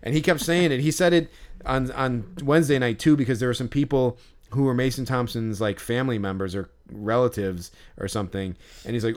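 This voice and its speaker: A man's voice: lowish voice, moderate pace. Rambling, swearing male podcast co-host. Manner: rambling storyteller, many fillers and restarts, swears freely. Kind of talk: casual chat.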